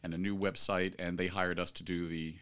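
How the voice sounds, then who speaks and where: A man from Virginia with a low voice chats on a radio show. He promotes his PR agency with eager enthusiasm. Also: little pitch movement, fairly quick, fairly bright tone. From Virginia, USA. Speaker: radio guest, PR agency owner. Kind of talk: casual radio interview.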